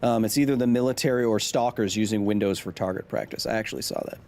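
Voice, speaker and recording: A man in his thirties runs a live gaming stream, speaking fast in a fairly low voice. He chats, explains science and reads viewer messages out loud. He's jumpy and yells when something startles him.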